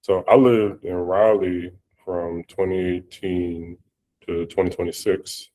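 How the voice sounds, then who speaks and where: Male podcast host, low voice, slow and easygoing. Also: little pitch movement, warm tone, a little hiss or hum, poor audio. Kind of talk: casual interview.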